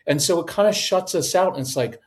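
A man in his fifties giving casual parenting advice on a podcast, animated and acting out quoted voices. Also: a little high, a little fast. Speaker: podcast guest, parenting coach.

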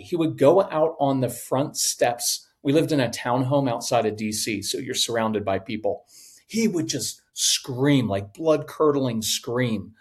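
A middle-aged man, a podcast guest, telling stories in a conversation and acting out voices in his anecdotes. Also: medium pitch. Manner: animated, acts out voices in anecdotes. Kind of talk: storytelling in a conversation.

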